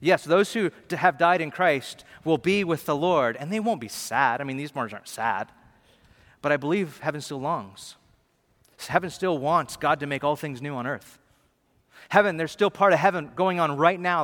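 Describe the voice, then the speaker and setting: A man preaching a sermon in a loose, animated way, with slangy asides and playful acted-out voices. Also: a little high, normal speed. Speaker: pastor. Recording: long reverb of a large hall.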